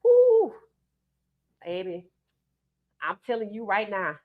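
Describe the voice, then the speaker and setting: A woman with a New Orleans accent hosting a live stream, giving emphatic, animated commentary and reading out viewer comments. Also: a little high, moderate pace, phone-quality sound.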